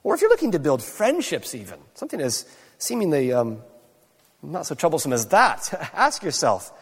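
A man preaching a sermon to a congregation, animated and given to wry asides. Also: a little high, normal speed, slightly rough. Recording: long echo of a large church hall.

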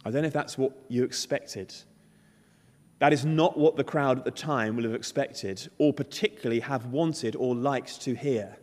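A man's voice: medium pitch, darkish tone. A man preaching a sermon, emphatic and storytelling, acting out the characters' lines. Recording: long hall reverb.

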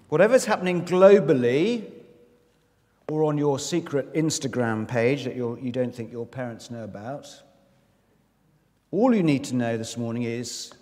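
Male preacher, mid-pitched, conversational and wry, church reverb. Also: moderate pace, darkish tone. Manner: chatty and self-deprecating, with asides to the congregation. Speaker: visiting preacher. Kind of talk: sermon. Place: church in London.

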